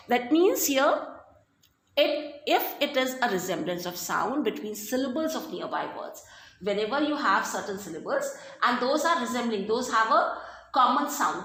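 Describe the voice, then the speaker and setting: A woman's voice: on the high side, sharp tone. A woman with an Indian English accent teaching a recorded class, explaining step by step and often checking in with "okay" and "fine". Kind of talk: recorded online class lesson. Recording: roomy echo.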